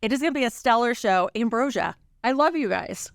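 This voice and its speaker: A woman radio host with a Midwestern accent touched by a Southern lilt. She talks in a gushing, playful way and laughs easily. Her voice sits a bit high and sounds close and dry. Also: expressive, fairly quick, gravelly, no echo. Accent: Midwestern with a slight Southern lilt. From American Midwest. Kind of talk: upbeat radio interview.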